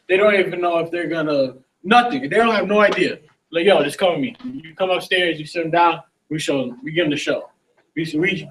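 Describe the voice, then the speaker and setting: Laid-back male trainer, slangy talk. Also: fairly high pitch. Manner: relaxed, slangy, acting out sample conversations. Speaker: sales trainer. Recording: voice from some distance from the mic.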